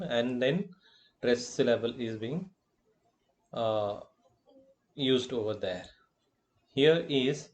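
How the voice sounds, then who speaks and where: A man with an Indian English accent lectures in an unhurried, measured way. His pitch sits in a middle range, and he circles back over each term with filler phrases as he explains. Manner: slow and deliberate, repeating terms with filler phrases. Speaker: college lecturer. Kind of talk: recorded classroom lecture.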